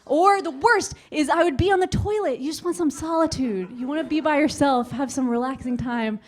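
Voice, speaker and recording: A comedian in her twenties works a club stage with a lively story full of performed character voices. Her voice sits high and her pace is brisk.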